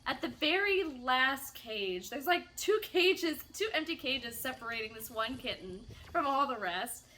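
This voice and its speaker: A woman telling a casual, animated story while playing a video game, chatty and theatrical. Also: high voice, a little slow. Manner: chatty, animated, self-described drama kid. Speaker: gaming streamer.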